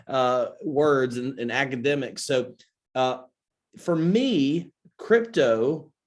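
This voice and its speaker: A man in his forties from Alabama with a Southern American accent, talking casually as a podcast guest, chatty and self-deprecating with plenty of fillers. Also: mid-range voice. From Alabama, USA. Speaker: podcast guest, crypto investor. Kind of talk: casual interview talk.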